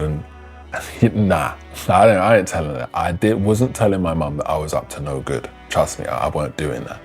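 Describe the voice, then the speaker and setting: A man, telling a personal story in a loose, slangy, animated way. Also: very deep voice, fairly quick, soft background music. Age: 30s. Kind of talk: casual spoken storytelling.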